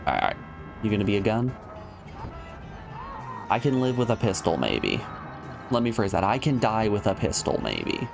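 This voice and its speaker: A man's voice: fairly low pitch, very animated, moderate pace, gravelly, pauses often, music in the background. A man streaming a video game, joking and thinking aloud in casual commentary.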